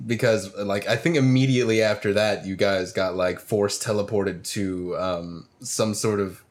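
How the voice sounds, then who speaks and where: Man, low voice, casual chat, halting, lots of fillers. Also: fairly even intonation. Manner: halting, filler-heavy storytelling. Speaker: podcast co-host and game master.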